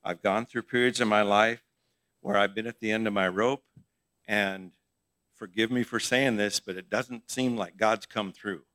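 Bright, dry-voiced male pastor teaching. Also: fairly low pitch, fairly even intonation, moderate pace, no room sound. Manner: conversational, asks the congregation questions. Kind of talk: sermon Bible teaching. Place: church.

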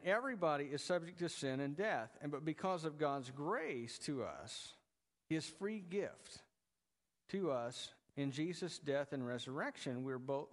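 A pastor preaching to his congregation in a loose, conversational way, tossing in jokes as he goes. His voice sits a little high for a man. The sound carries a long reverb from a church sanctuary. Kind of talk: sermon.

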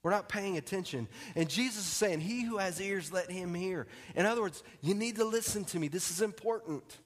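A pastor delivering a sermon in a casual, joking way, often dropping his voice low and soft to press a point home. His voice sits slightly higher than most men's. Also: fairly quick. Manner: conversational and joking, drops to quiet emphasis.

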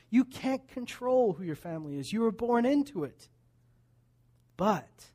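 High-voiced, animated preacher. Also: male voice. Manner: animated, swings between loud emphasis and hushed asides. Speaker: pastor. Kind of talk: sermon.

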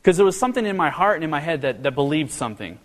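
A man preaching a sermon, earnest and storytelling, his pitch rising when he gets animated. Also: rapid-fire. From American Midwest. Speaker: pastor. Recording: long hall reverb.

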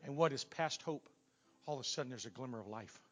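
A man preaching a revival sermon as a guest preacher in a church. He swings from loud shouting peaks down to quiet asides. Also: medium pitch, animated, fast, faint music behind. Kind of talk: Pentecostal sermon. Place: church sanctuary.

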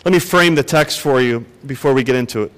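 Earnest preacher in a reverberant church. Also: male voice, mid-range voice, fast, fairly bright tone. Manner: earnest, asks the congregation direct questions. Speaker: pastor. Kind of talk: sermon. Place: church sanctuary.

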